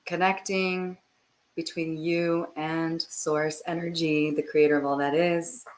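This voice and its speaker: A woman energy healer guiding a slow, soothing meditation in a hushed voice. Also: low-pitched, flat delivery. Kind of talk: guided meditation. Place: home, livestream.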